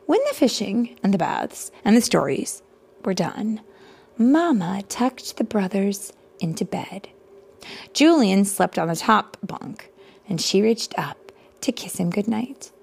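Female storyteller reading to kids; hushed and whispery, husky texture, unhurried. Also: medium pitch, lively intonation. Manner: hushed, often whispered narration with asides to listeners. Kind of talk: soft-spoken storybook reading.

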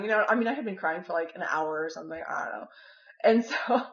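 A woman's voice: lowish voice, fast talker, a bit bright. Chatty woman rambling through a story. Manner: rambling, heavy use of "like" and "you know". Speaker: former volunteer living with a host family. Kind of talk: casual personal storytelling. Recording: dull, echoey room recording.

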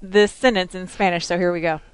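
A woman's voice: fairly low pitch, fairly even intonation, fairly quick, clean tone. A woman chatting casually, amused and laughing along. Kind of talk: casual chat.

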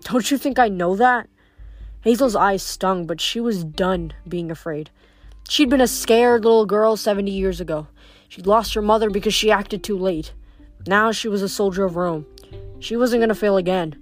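A woman reading a novel aloud, steady with small slips. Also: mid-range voice, normal speed, no echo, faint music behind. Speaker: reader. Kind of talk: audiobook reading.

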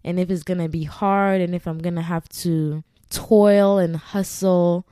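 A young woman from Massachusetts telling a personal story to her viewers in a chatty, animated way, laughing often. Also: on the low side, unhurried, clean tone, no echo, clean studio sound. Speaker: YouTuber. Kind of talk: casual storytelling to camera.

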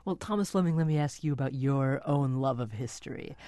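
A man hosting an interview, asking smooth, prepared questions. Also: medium pitch, fairly quick, warm tone, dry recording, clean studio sound. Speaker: interviewer host. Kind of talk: radio interview.

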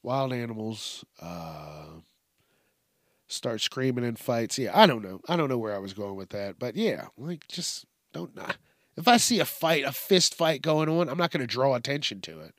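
Profane, animated man ranting on a podcast. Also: moderate pace, no echo, clean studio sound. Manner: profane, animated, mimics people in high yelps. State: groggy early-morning voice. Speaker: podcast host. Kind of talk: casual solo rant.

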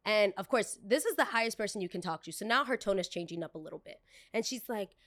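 A young adult woman hosts a storytime vlog. She tells it in a gossipy, animated way, tossing in quick asides as she goes. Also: mid-range voice. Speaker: host.

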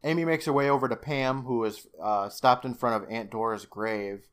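A man's voice: mid-range voice, steady tone, normal speed, a bit bright, smooth. Laughing, swearing man recapping a show. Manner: swears freely, laughs often, acts out quotes. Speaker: podcast co-host. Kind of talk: casual recap chat.

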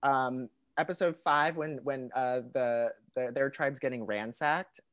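A woman guest on a chat podcast, laying out a list of grievances in animated, casual talk. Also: extremely low pitch, unhurried.

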